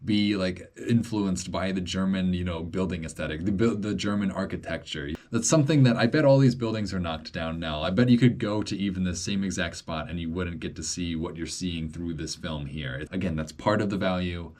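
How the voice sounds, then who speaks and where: A man's voice: sits low, fairly quick, few pauses, a little mellow. A young man giving casual, rambling commentary as he reacts to an old film, with lots of fillers and frequent laughter.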